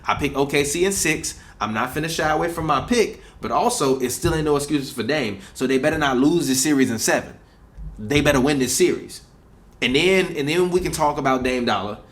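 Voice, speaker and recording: A man's voice: a little high, expressive, fairly quick. A young man, co-hosting a casual sports podcast at home, blunt and profane, hammering his points by repeating them. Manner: blunt, emphatic, profane, repeats himself for emphasis. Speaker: podcast co-host. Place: apartment room.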